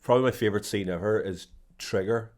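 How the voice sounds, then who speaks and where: A man's voice: on the low side, quick pace, darkish tone. A man, co-hosting a podcast in casual chat, rambling and laughing while acting out quotes. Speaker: podcast co-host.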